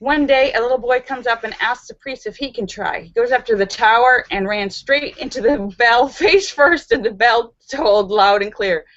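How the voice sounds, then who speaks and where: A woman's voice: fairly high pitch, normal speed, hardly any pauses, fairly bright tone, no echo. A woman hosting a live stream, reading out viewer jokes and laughing at the punchlines. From Los Angeles. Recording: dull, dry home recording.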